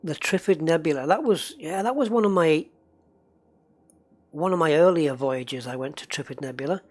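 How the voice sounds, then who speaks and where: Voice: medium pitch, normal speed, a little mellow. Chatty, rambling game streamer. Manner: rambling, chatty, reads and answers viewer chat. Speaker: game livestreamer. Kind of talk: casual gameplay livestream commentary.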